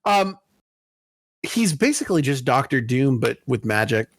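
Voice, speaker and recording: A man co-hosting a casual gaming podcast, ranting with blunt profanity and quick asides into a close mic. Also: mid-range voice, very animated, no room sound. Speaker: podcast co-host.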